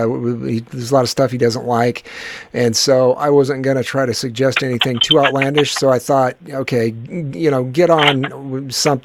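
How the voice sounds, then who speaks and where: Rambling man with a gravelly voice. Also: medium pitch. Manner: rambling, halting, lots of fillers and restarts; swears casually. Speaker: podcast co-host. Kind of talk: casual chat. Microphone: recording on his own end.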